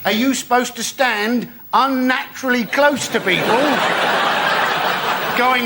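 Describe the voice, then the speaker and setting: A man's voice: very high voice, slow pace, pauses often, heavy background noise. A man delivering sarcastic stand-up on a panel show, full of rhetorical questions. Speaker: comedian panelist.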